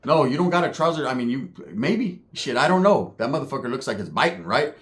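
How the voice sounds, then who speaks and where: A man voicing a stoned ex-con who mumbles low and quiet. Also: big pitch swings, fairly quick. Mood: mumbling.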